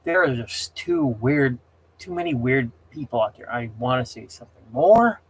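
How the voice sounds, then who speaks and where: A man's voice: medium pitch, expressive, moderate pace, slightly rough. Rambling, heated male livestream host. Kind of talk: casual livestream chat.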